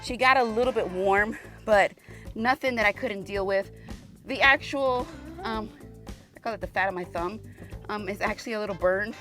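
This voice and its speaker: Medium-pitched with a sharp tone, the woman speaks at a normal speed over soft background music. She's hosting a laid-back outdoor range vlog for her firearms channel, chatty, full of exclamations, and a bit breathless from the humid heat, addressing viewers as "y'all."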